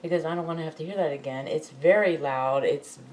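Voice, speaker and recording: Speaking a bit quickly in a deep, darkish voice, a woman who makes crafting vlogs talks herself through a computer repair at home. She rambles and chuckles, and there's a slight hiss or hum behind her.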